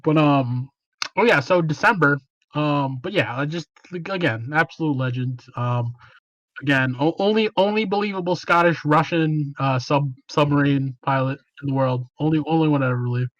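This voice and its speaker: A man's voice: fairly high pitch, normal speed, fairly bright tone, no echo, lo-fi sound. A man hosting a podcast in casual, slangy chat, swearing freely. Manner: laid-back, slangy, swears a lot. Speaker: podcast host.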